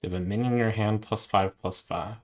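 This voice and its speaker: Low-voiced man musing over his plays. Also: fairly even intonation, fairly quick. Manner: thinks aloud, weighing plays and second-guessing himself. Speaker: streamer playing a card game. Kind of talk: casual gameplay commentary.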